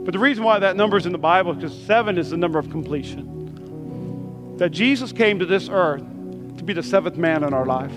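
High-voiced man preaching a sermon. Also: lively intonation, fairly quick, over music. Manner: emphatic, repetitive preaching with call-and-response. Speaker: pastor. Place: church.

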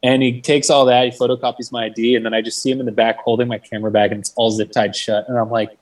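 A man's voice: mid-range voice, fairly even intonation, fast, recorded from a distance, poor audio. A young man telling a story in a casual interview. He swears freely, fills his talk with "like", and acts out the voices of the people he quotes. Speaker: guest. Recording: mic set back from the speaker.

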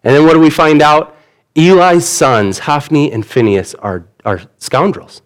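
A man's voice: a little high, normal speed. Earnest man preaching a sermon. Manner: earnest, conversational preaching with vivid paraphrase. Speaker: pastor.

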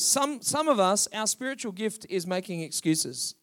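High-voiced male pastor preaching. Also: expressive, moderate pace, hardly any pauses, fairly bright tone. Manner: preaching with rising calls to the congregation. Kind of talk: sermon.

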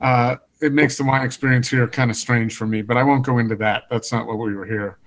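A man hosting a podcast, asking questions in a halting way with many fillers. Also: medium pitch, steady tone. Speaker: podcast host. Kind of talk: casual podcast interview.

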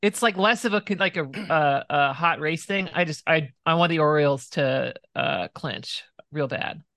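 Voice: mid-range voice, normal speed, fairly bright tone, dry recording, studio quality. A podcast co-host chatting casually, swearing freely with an exasperated grumble. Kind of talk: casual chat.

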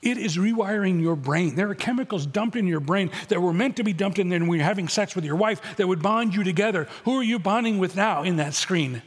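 A man's voice: high-pitched, a little fast, hardly any pauses, slightly rough. A middle-aged man preaching a sermon as pastor, blunt and conversational with touches of humor. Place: church auditorium. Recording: long hall reverb.

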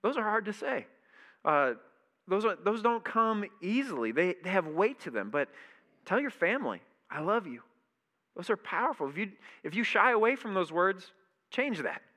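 A man preaching a sermon, animated and emphatic, repeating key phrases. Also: high voice, normal speed. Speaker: pastor.

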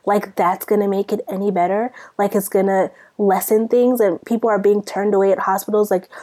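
A woman's voice: mid-range voice, little pitch movement, a little fast, dark tone. A young woman from Sudan co-hosting a podcast, ranting in a casual, exasperated way full of rhetorical questions. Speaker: podcast co-host. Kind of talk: casual chat.

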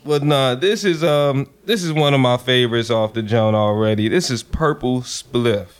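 A man's voice: medium pitch, normal speed. A young man, the show's producer and a rapper, talking laid-back and laughing easily. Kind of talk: casual chat.

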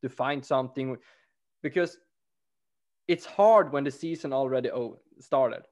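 A man's voice: mid-range voice, a little slow, a little mellow. Laid-back male podcast host. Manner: laid-back, frequent affirming yeahs and laughs. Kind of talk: casual interview chat.

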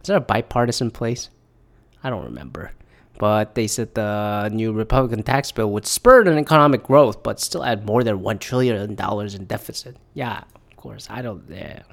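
A man's voice: fairly low pitch, expressive, moderate pace, creaky. Sarcastic, foul-mouthed man reacting to news. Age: 30s. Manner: sarcastic, swears a lot; reads statements aloud then reacts. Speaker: commentator. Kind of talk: profane news reaction commentary.

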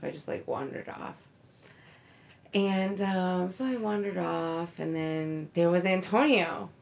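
In a deep, creaky voice, a woman tells a long, rambling personal story in casual chat. She sprinkles in plenty of "likes" and "ums" and laughs as she goes.

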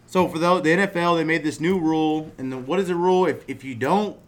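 A man's voice: a little high, fast talker. A man hosting a casual talk among friends, loose, joking and profane. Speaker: podcast host. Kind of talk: casual chat.

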